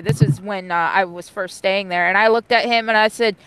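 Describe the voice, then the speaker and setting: A young adult woman telling a personal story in casual, profane chat, blunt and animated. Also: medium pitch, brisk, hardly any pauses, clear, resonant tone, no room sound, poor audio. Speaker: co-host.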